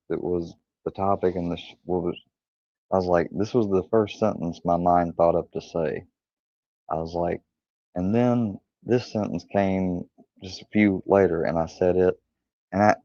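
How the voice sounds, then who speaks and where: A deep, gravelly male voice rambles through personal stories on a casual livestream, cursing freely and quoting whole conversations. The audio is dull and lo-fi, with a dry, close sound. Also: warm tone, dry recording. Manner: rambling, profane, retells dialogue with quoted voices. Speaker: streamer.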